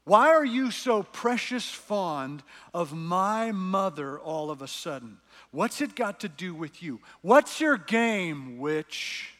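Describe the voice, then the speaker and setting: A man's voice: high-pitched, big pitch swings, slow, few pauses, a bit bright, exaggerated voice. A man reading aloud the lines of a defiant young boy, firing indignant, challenging questions, with long reverb of a large hall.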